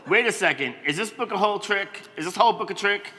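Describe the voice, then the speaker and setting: A man's voice: high-pitched, animated, moderate pace, pushed and bright. Playful middle-aged man in a reverberant church. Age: 50s. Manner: playful, self-mocking, exaggerated silly sounds. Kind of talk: reading a children's book aloud to kids. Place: large church sanctuary. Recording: reverberant church hall, faint noise.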